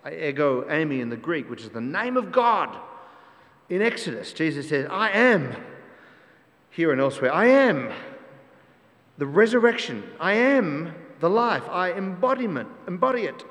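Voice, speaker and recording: In a church with long reverb, a pastor preaches emphatically to his congregation, repeating key phrases and posing rhetorical questions. His voice runs on the high side with big pitch swings, a fairly bright tone, and a moderate pace, all washed in long church hall reverb.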